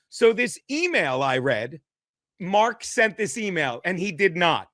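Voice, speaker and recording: High-voiced man ranting on a podcast. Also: big pitch swings, fairly bright tone, dry recording, studio quality. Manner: fast, heated ranting and mocking impressions. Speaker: comedy podcast host. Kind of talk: casual chat.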